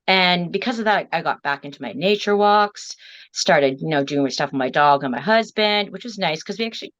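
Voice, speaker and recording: A woman's voice: lowish voice, lively intonation, brisk, fairly bright tone. A woman telling an emotional personal story as an interview guest, rambling and circling back on herself as she talks. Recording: dull lo-fi audio.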